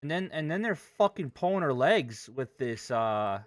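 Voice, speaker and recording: A man's voice: fairly high pitch, sing-song, normal speed, no room sound. Profane, ranting male day trader. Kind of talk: live trading stream commentary.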